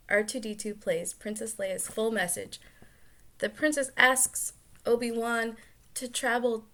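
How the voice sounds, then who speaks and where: A woman reading a children's picture book aloud, lively and expressive. She breaks off now and then for chatty, offhand asides and fixes her own stumbles as she goes. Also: medium pitch. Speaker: storyteller aunt.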